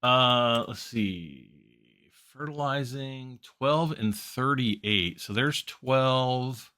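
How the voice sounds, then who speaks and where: A man hosting a farming game video, chatting casually and thinking out loud as he plays. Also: mid-range voice, extremely slow, clean tone. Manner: chatty, thinking aloud while playing. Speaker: gaming channel host. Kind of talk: casual gameplay commentary.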